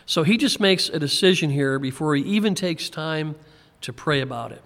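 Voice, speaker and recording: Chuckling preacher in a reverberant hall. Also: male voice, fairly high pitch, animated, moderate pace, a bit bright. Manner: conversational, chuckles often, repeats words when restarting. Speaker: pastor. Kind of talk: verse-by-verse Bible teaching.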